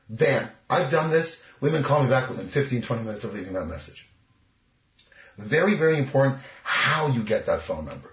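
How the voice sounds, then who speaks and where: A man's voice: mid-range voice, lively intonation, brisk. A man talking as a dating coach in an interview, cocky and emphatic. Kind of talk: casual interview talk. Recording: echoey, muffled lo-fi recording.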